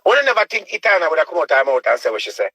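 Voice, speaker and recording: Husky, bright-voiced preachy Jamaican man. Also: fairly high pitch, very animated, rapid-fire, no echo, low-quality recording. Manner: preachy, repeats himself, asks rhetorical questions. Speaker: online show host. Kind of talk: ranting commentary.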